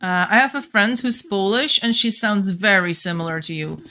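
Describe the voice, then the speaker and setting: A woman's voice: medium pitch, normal speed, slight background noise. Flemish woman chatting on a game stream. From Belgium. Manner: a bit monotone at times, laughs often. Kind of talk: casual live-stream chat with viewers.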